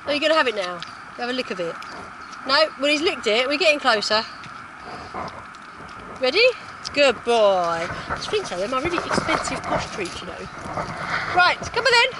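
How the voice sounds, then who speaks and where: Woman, dog trainer, high lively voice, sing-song praise, outdoors, phone recording, loud background noise. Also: moderate pace, long pauses. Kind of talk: live-streamed dog walk commentary. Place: outdoors in a park.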